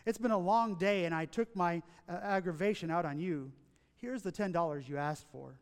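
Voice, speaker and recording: A man's voice: high voice, normal speed, in a large hall, pitched below the performer's own voice. A man reading the lines of a tired, irritable father who snaps at his son. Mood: softened. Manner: snappish and gruff.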